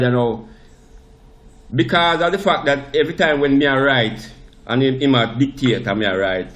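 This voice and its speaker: A man with a Jamaican accent, a priest, recounting a story in conversation. He tells it in a lively way, often restarting his sentences and slipping into the voices of the people he quotes. His voice sits at a middle pitch. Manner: animated anecdote, acts out quoted voices, frequent restarts. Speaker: priest and interview guest.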